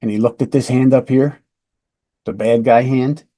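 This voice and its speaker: A man who is a police lieutenant hosts a podcast and tells a case story to teach an interview technique. His voice is medium-pitched, steady, moderately paced and mellow, and his delivery is conversational and emphatic, with frequent questions like "right?"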